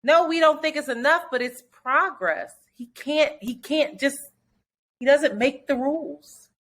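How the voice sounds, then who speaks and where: A high-voiced woman co-hosts a loose podcast chat. She talks with lots of energy, swears freely, and keeps acting out quotes from other people. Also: unhurried. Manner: animated, cursing, mimics people in quotes. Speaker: podcast co-host. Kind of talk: casual chat.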